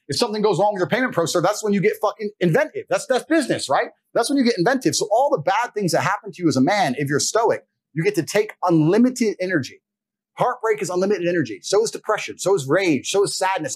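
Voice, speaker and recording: A man's voice: sits high, breathy edge. A man giving a blunt, profane, lecturing monologue as a podcast guest. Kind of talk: forceful monologue.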